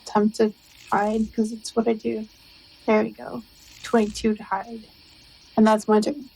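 A woman's voice: on the high side, completely flat delivery, unhurried, creaky, mellow, husky, rough recording. A woman playing a tabletop role-playing game, thinking aloud about her moves and cracking jokes. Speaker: player. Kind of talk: casual tabletop play.

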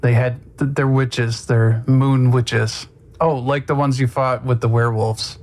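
A woman with an unusually deep, low voice narrates as game master of a tabletop role-playing podcast. She describes scenes in a loose, casual way. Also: a little slow. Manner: casual, relaxed, laughs between descriptions.

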